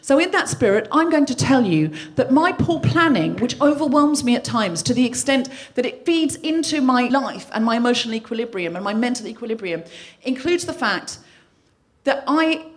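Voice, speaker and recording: Female comic host, high-pitched and very expressive, self-deprecating stage storyteller. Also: normal speed. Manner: animated, self-mocking storytelling that acts out quotes. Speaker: podcast host. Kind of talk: live comedy monologue. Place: live venue stage.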